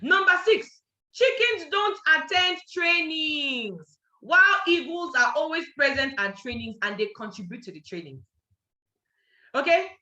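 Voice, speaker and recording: A Nigerian woman leads a motivational network marketing training, emphatic and repeating her points while checking that listeners follow along. Her high, sharp voice swings widely in pitch at an unhurried pace. The sound is echoey, dull, and lo-fi.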